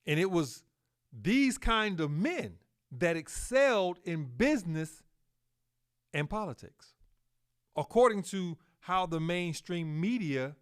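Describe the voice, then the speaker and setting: A man hosting a solo podcast, talking slowly with fillers and self-corrections, and pushing up on key words for emphasis. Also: a little high, fairly bright tone. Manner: slow, halting delivery with fillers and self-corrections. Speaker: podcast host.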